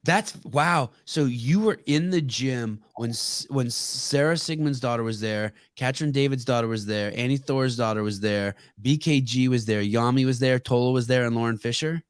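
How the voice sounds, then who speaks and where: A man hosting a casual podcast, his middle-pitched voice recorded close and dry with no room sound. He stumbles into his questions, stopping and starting as he works out what he wants to ask. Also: clean tone, no echo. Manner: halting, restarts questions often. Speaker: podcast host.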